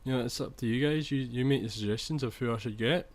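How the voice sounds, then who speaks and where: A man's voice: mid-range voice, fast talker. A young man commentating over his own football video game footage, chatty, restarting sentences and swearing when annoyed. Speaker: gaming commentator.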